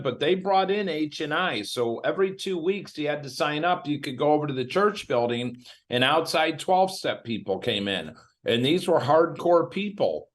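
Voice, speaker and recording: A man from Illinois, a guest in an interview, telling his story in a candid, animated way and acting out what others said. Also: medium pitch. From Illinois, USA.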